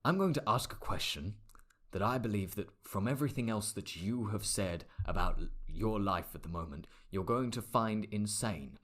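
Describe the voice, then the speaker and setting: Man playing an old, wrinkled, boozy tinkerer, low and muttering, lively swings; tabletop play. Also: moderate pace. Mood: hushed. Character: wrinkled old male tinkerer, drunk and gruff.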